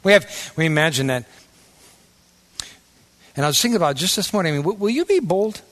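A man preaching a sermon in a casual, folksy way, swinging from loud, emphatic bursts to hushed asides. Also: high voice, lively intonation, a little fast. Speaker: pastor.

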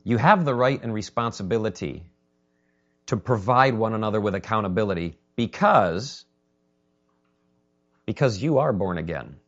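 A man who is a pastor, preaching a conversational sermon and acting out quotes with lively energy. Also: lowish voice, moderate pace, long pauses, lo-fi sound.

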